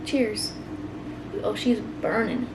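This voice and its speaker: A woman's voice: medium pitch, drawn-out words. Yeah just a young woman chatting into her vlog, says like a lot, kinda noisy background. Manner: chatty, filler-heavy, relaxed talk with many "like"s. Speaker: vlogger. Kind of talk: casual vlog chat.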